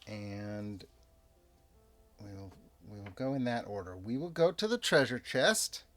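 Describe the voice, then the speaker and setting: A man narrating and rules-explaining a solo tabletop role-playing game in an unhurried, chatty way. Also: fairly low pitch, soft background music. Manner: unhurried, chatty, lively ups and downs. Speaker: game master and player.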